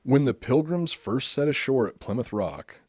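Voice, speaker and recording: A man's voice: mid-range voice, very animated, normal speed, a little mellow, dry recording, studio quality. Profane, jokey male podcast host. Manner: profane, jokey, often laughing. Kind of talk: casual podcast chat, reading notes.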